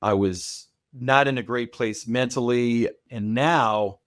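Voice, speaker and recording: A man's voice: mid-range voice, slow, no room sound, studio quality. A man of fifty, a guest on a podcast interview, talking confidently and reassuringly about his own story. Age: 50s. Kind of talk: casual interview chat.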